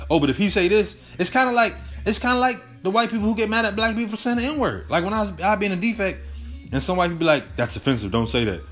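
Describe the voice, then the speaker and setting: Young male host, fiery profane slang-heavy rant, slightly high voice, soft music under. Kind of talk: casual solo commentary.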